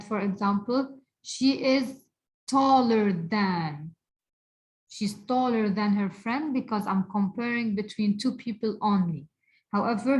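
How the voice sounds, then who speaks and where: A woman teaching a recorded English grammar lesson, repeating words slowly and deliberately for her students. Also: medium pitch, poor audio. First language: Arabic.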